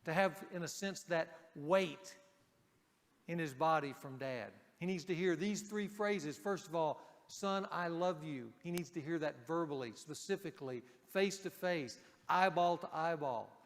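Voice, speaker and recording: A man preaching a sermon to a men's group, speaking emphatically and dropping to a hush on key points. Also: fairly high pitch, a little slow, in a large hall.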